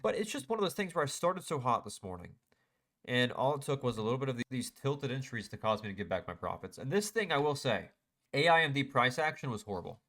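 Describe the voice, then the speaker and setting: A man's voice: medium pitch, sing-song, fast, a bit bright. Man, young adult, trading recap vlog, mid voice, self-critical and irritated with his losses. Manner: self-critical, frustrated, talks through chart mistakes. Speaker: day trader. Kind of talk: casual screen-share trade recap.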